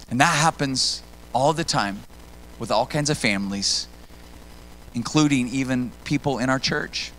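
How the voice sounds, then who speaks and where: A middle-aged man preaching a sermon as a pastor, telling stories with animation and acting out his own lines loudly. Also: medium pitch. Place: church stage.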